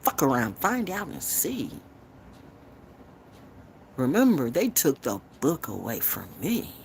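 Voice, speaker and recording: A woman's voice: a bass voice, wildly swooping pitch, takes it slowly, slight background noise. A woman from North Carolina, hosting a tarot livestream and delivering an unscripted, profane, confrontational rant.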